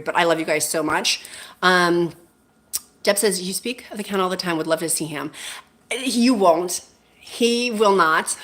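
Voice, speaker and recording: A woman's voice: on the low side, fairly bright tone. Gushing woman livestream host. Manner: gushing, effusive, jumps to squeals greeting viewers. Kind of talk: casual livestream chat, reading comments.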